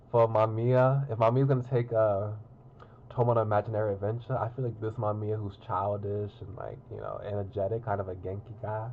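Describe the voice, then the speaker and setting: A man's voice: on the low side, phone-quality sound, a little hiss or hum. A man reading through a visual novel on stream, narrating and chatting about it in a rambling, casual way with lots of fillers. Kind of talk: casual game commentary and narration.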